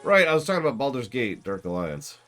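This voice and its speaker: A man's voice: mid-range voice, sing-song, fast, a bit bright, soft background music. A man streaming a game live, chatting casually and rambling with self-deprecating asides.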